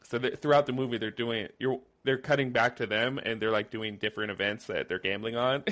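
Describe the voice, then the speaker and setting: Young man, podcast co-host, mid pitch, easygoing, chimes in and laughs. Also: brisk. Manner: relaxed, chimes in, laughs along. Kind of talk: casual chat recapping movie quotes.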